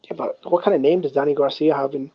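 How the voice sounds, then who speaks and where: A man's voice: fairly high pitch, steady tone, quick pace, no room sound. A man in casual chat, asking questions in disbelief. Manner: incredulous, questioning. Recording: dull lo-fi sound.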